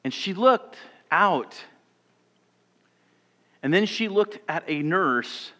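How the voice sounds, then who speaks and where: A man who is a pastor, giving a sermon and telling a personal story, moving between loud passages and hushed ones. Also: sits high, animated, takes it slowly. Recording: long church reverb.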